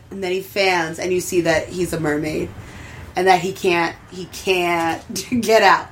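A woman casually recapping a show in a podcast chat, chatty and lively, acting out the characters' lines in a raised voice. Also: unhurried. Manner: chatty, lively, acts out quotes in higher voices. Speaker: anime reviewer.

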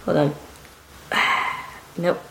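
A woman's voice: drawn-out words, a little hiss or hum. A woman hosting a podcast, chatting casually in a playful way and laughing often. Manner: giggly, playful, lots of laughing. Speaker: podcast host.

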